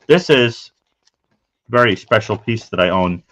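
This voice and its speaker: A man chatting as a guest about his collection of crime memorabilia, talking in an unhurried, rambling, matter-of-fact way. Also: fairly low pitch, animated, a bit bright. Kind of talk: casual show-and-tell chat.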